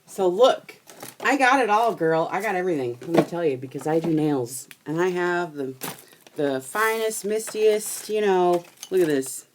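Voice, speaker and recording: A woman with a low voice talks casually to her viewers while crafting, blunt and quick to laugh. A faint hiss sits under the recording. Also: expressive, low-quality recording. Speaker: live stream crafting host.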